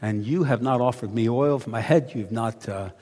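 A preacher voicing a calm male teacher's quiet, gentle rebuke in a reverberant hall. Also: mid-range voice, moderate pace, voice pushed down, close to an everyday voice.

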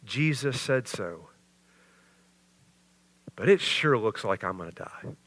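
A male pastor preaching a sermon, with sarcastic asides that build into loud, animated bursts. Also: mid-range voice, takes it slowly, no room sound.

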